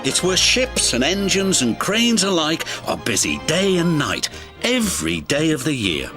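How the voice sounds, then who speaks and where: A man narrating a children's storybook in a slow read-aloud manner. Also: on the high side, huge pitch swings. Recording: music playing behind.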